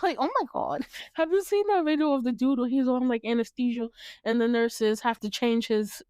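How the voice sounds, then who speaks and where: This is a woman, chatting on her podcast. She is lively and quick to laugh, and she slips into the voices of the characters as she tells the story. Her voice sits fairly high and sounds smooth and clear, close to a dry mic. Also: no echo. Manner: animated, laughing, acting out characters' lines. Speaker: podcast host. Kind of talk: casual chat recapping a TV show.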